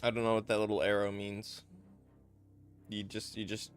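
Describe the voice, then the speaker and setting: A man's voice: lowish voice, monotone, normal speed, soft background music. A man doing casual gameplay commentary as a YouTuber, playful and laughing constantly while he reads viewer comments. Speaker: gaming YouTuber.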